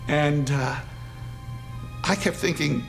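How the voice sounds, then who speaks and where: A man's voice: fairly high pitch, slow, gravelly, soft background music. A man in an interview, animatedly recounting a story with amusement.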